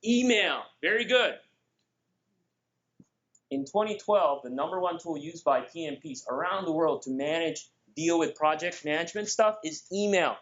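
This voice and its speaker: High-voiced Filipino man presenting energetically. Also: normal speed, dull audio. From Philippines. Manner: energetic, joking, addresses the audience directly. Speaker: conference speaker. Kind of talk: lively conference presentation. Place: conference room.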